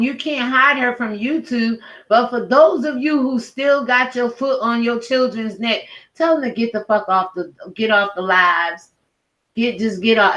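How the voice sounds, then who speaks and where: A woman's voice: fairly high pitch, a bit bright, poor audio. Fiery profane woman ranting. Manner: heated, profane, emphatic. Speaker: YouTube commentator. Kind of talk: angry rant to camera.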